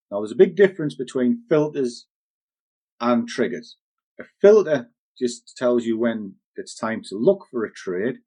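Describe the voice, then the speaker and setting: A man's voice: mid-range voice, darkish tone. An older man, a trading educator who talks bluntly and rambles in a casual, opinionated way before walking through a chart on screen. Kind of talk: casual rambling talk, then screen walkthrough.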